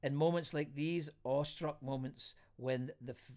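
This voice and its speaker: A man vlogging in a casual, self-deprecating way, reading poems aloud slowly and thoughtfully with hesitant fillers. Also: fairly high pitch, fairly even intonation. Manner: slow, reflective, soft-spoken with hesitant fillers.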